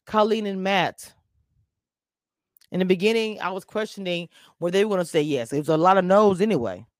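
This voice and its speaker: A woman's voice: mid-range voice, no room sound, clean studio sound. Blunt woman giving a frank show review. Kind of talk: casual live-stream commentary.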